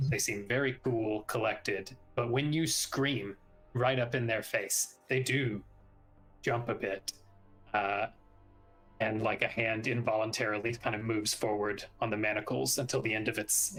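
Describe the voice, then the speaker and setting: A man acting as game master, narrating the scene in a relaxed way with some hesitations. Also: fairly low pitch, a little slow, soft background music, poor audio.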